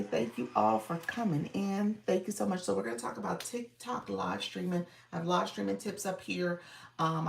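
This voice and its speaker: A woman's voice: fairly low pitch, gravelly, far from the mic. A woman streaming live as a coach, chatting casually, greeting viewers by name and laughing often. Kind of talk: casual livestream chat with viewers. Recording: echoey room, voice a bit off mic.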